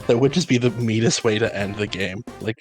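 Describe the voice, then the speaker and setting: A man with a fairly low voice chats casually on a podcast stream. He drops dry joking asides while his friend plays a game. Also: a little fast, faint music behind, low-quality recording. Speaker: podcast co-host watching a game. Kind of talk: casual chat.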